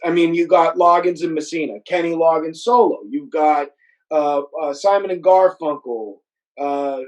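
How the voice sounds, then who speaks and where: A man hosting a podcast interview, laid-back and hesitant, often pausing with "uh" and "um". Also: on the high side, low-quality recording. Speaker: podcast host. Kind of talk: casual interview chat.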